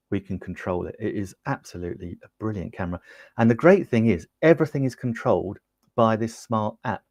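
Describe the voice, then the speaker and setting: An upbeat Englishman talks through a camera demo on his livestream, peppering it with ums as he chats to viewers. His voice sits fairly low. The sound is close and dry, from a lapel mic in a small home studio. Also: darkish tone, no echo. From United Kingdom. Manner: chatty and upbeat, with frequent ums, talking to viewers in the chat. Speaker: livestream host demonstrating gear. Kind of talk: casual product demo on a livestream.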